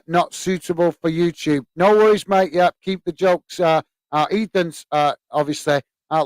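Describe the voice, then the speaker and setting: A man hosts a live football stream, reading viewer comments aloud and chatting back in a loose, friendly way, peppered with fillers. His voice sits a touch high, with a smooth, clear tone. The sound is close and dry. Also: no room sound. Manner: relaxed, chatty, many fillers, calls listeners mate. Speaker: host of a football fan channel.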